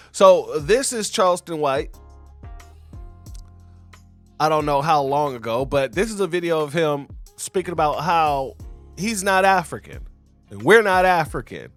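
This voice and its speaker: A male commentary host who talks slowly and deliberately. His tone is sarcastic and measured, and he addresses his audience directly as family. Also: fairly high pitch, animated, soft background music. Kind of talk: video commentary.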